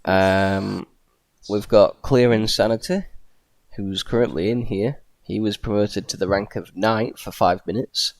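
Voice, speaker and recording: A man's voice: on the low side, unhurried, gravelly, dry recording. A man co-hosting a casual podcast, reading out announcements and laughing along with the others. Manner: lively, laughs often, reads out announcements. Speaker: podcast co-host. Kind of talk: casual chat.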